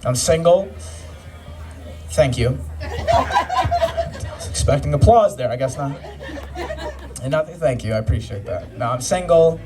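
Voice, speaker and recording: A man's voice: fairly high pitch, wildly swooping pitch, unhurried, pauses often, over music. A man in his twenties doing a stand-up comedy set, with proper, formal-sounding speech and a dry delivery. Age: 20s. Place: live comedy club stage. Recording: distant live club recording with crowd laughter.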